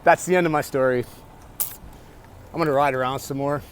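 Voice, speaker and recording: A man's voice: medium pitch, fairly even intonation, fairly quick. A man telling a rambling, profane story to his camera during a bike ride in the city, full of restarts and self-talk. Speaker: vlogger. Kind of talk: casual storytelling vlog. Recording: outdoor city noise behind.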